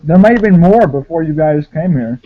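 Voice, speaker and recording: A man's voice: fairly high pitch, animated, a little fast. A young man running a tabletop game as game master, narrating with many hesitant "like"s and restarts. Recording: dull lo-fi audio.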